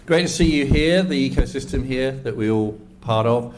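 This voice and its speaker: A man's voice: mid-range voice, moderate pace, noisy background. A man in his sixties with an English accent, giving a chatty, enthusiastic, self-deprecating talk to a live audience at an event. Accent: English, West Country. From England. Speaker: ecosystem engagement lead giving a talk.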